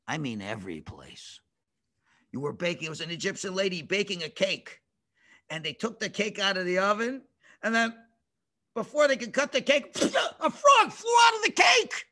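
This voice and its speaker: A man teaching children through a story over a video call, animated and playful, with sound effects. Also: high voice.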